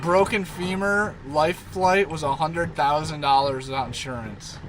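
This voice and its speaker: A man's voice: a little high, unhurried, background noise. A man chatting casually on a live stream, rambling and talking baby talk to his dog.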